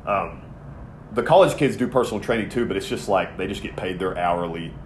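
A man's voice: low-pitched, fairly quick, a little hiss or hum. A man in his thirties co-hosting a podcast, telling a long, rambling, profane story in casual chat. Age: 30s. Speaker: podcast co-host.

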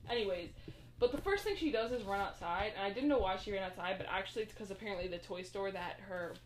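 A young woman tells a story in a loose, rambling way, full of fillers and little acted-out quotes. Her voice sits at a middle pitch and carries the echo of a roomy space. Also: quick pace. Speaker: podcast co-host recapping a movie. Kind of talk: casual chat.

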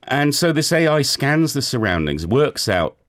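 A man's voice: mid-range voice, sing-song, unhurried, fairly bright tone. A man hosting a radio book show, explaining a story's plot step by step. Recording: music playing underneath.

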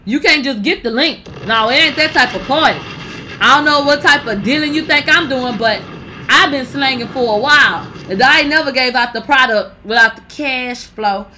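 A woman's voice: sits high, moderate pace, pushed and bright, slight background noise. A young woman giving brash, profane gossip commentary, talking straight to her viewers. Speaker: commentary vlogger.

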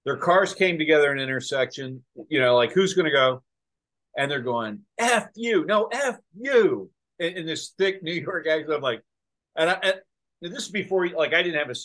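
A man hosting a casual talk show, telling stories in an animated way and acting out quoted voices. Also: a little high. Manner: animated storyteller, acts out quotes. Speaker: podcast host. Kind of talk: casual storytelling chat.

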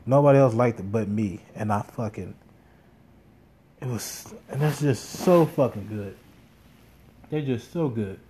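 A man's voice: mid-range voice, a little slow, long pauses, dark tone, a little hiss or hum. A man telling a casual, rambling story, swearing often and full of fillers and restarts. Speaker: podcast host.

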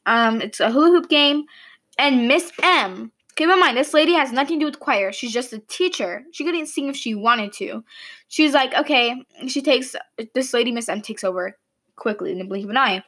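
A young woman telling a casual storytime to camera in a chatty, animated way, acting out what her teachers said. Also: fairly high pitch, moderate pace. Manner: chatty, animated, mimics teachers in quoted lines. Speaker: vlogger. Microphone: camera mic, speaking to camera.

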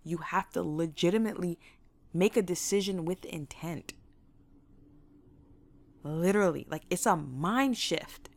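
A young woman casually telling her own stories in a lively, motivational way, laughing often and acting out what she said back then. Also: fairly low pitch, a little slow, vocal fry, pauses often. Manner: faith-inflected, motivational.

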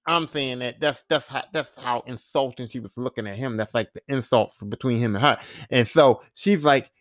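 A man hosting a podcast, recapping a TV episode in animated, profane storytelling. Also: mid-range voice, normal speed, no room sound, clean studio sound. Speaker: podcast host.

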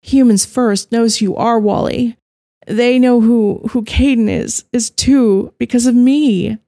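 A woman voicing a frightened, guilt-ridden young woman prisoner, pleading in a high, breaking voice. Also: lively intonation, moderate pace, vocal fry, mellow, slightly rough. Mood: anguished. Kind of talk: audiobook character voice.

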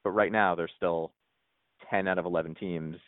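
A man's voice: low-pitched, fairly even intonation, moderate pace, dry recording. A man co-hosting a podcast in casual sports chat, rambling with many restarts. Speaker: podcast co-host. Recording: tinny phone-like line.

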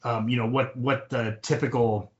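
A man's voice: mid-range voice, little pitch movement, normal speed, dull audio. A man co-hosting a casual sports podcast, talking hesitantly with many fillers and restarts. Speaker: podcast co-host.

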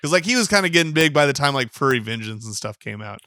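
A young man talks film on a casual podcast, rambling and relaxed, with easy laughs and casual swearing. His voice sits at an ordinary pitch, recorded close and dry with no room sound. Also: fast talker, dry recording. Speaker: podcast co-host.

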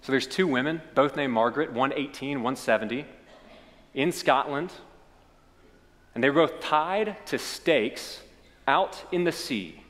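Kentucky preacher in a reverberant sanctuary. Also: male voice, medium pitch. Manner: storytelling preacher, swells then drops to quiet. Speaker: pastor. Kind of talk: sermon.

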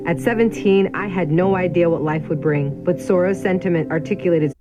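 A woman in her thirties speaks in a measured, declarative tone, reading a scripted ad narration. Her voice sits a little low. Clear music plays underneath her. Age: 30s. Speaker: spokeswoman in a recruitment ad.

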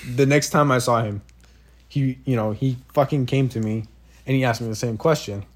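Husky guy laughing thru a story, acts out everyone's lines, swears a ton. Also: mid-range voice, moderate pace. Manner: animated, laughing, acts out quotes, swears a lot. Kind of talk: casual storytelling chat.

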